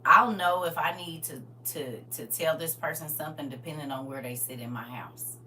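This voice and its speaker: Chatty middle-aged woman preaching, bright and distant. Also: low-pitched, moderate pace. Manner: lively and chatty, teasing the crowd directly, sudden loud outbursts. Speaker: speaker at a live church gathering. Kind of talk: preaching by storytelling to a crowd. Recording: far-off mic with faint hum.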